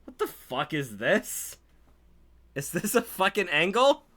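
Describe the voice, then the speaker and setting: A man rants about a wrestling show in casual commentary, sarcastic and full of profanity. His voice is high and bright. He talks at an unhurried pace, with wide, lively swings in pitch.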